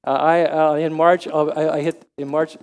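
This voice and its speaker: A man in his seventies preaching a sermon, halting with frequent restarts, then rising to emphatic questions. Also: on the high side, little pitch movement, clean tone. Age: 70s. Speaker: lay preacher.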